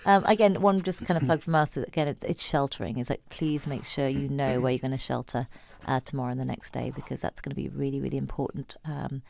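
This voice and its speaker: Deep, gravelly woman giving urgent advice. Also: fast talker, few pauses, a little mellow, a little hiss or hum. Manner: urgent, earnest, repeats points for emphasis. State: going hoarse. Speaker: emergency management official. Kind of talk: radio interview guest. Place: radio studio.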